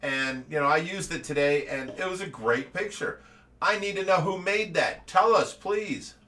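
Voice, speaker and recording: Bright-voiced man telling stories, a bit distant. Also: fairly high pitch, moderate pace. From Ohio. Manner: animated storytelling, laughing often. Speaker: show host. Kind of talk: casual live-stream chat.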